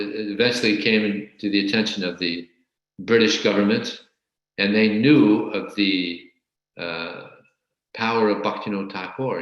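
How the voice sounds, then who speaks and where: Halting male storyteller in an echoey room. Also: lowish voice, highs cut off. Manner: halting, repeats words while telling a story. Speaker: scripture class teacher. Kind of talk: storytelling religious lecture.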